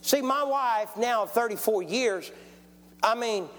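A man's voice: very high-pitched, a little slow, a bit bright. A man, preaching a testimony sermon in a folksy storytelling way and calling for amens. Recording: long church hall reverb.

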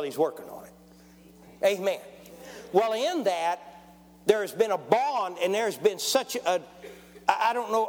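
A man, preaching a testimony sermon in a folksy storytelling way and calling for amens. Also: sits high. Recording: long church hall reverb.

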